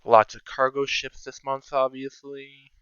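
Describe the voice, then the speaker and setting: A man's voice: mid-range voice, little pitch movement, measured pace, fairly bright tone, clean tone, dry recording, muffled recording. A man giving casual, think-aloud commentary over his own strategy game, sometimes counting under his breath. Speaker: strategy game video creator.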